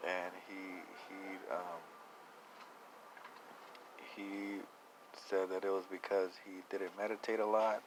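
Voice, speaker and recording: A young man telling a personal story in a reflective, rambling way, with many halting restarts. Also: sits low, level tone, background noise. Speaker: vlogger.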